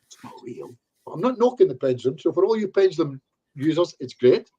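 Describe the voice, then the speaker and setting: Husky-voiced hypnotherapist, lo-fi call. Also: male voice, on the high side, animated, brisk, warm tone. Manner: chatty, acts out quoted voices in asides. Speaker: hypnotherapist guest. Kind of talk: casual online interview chat.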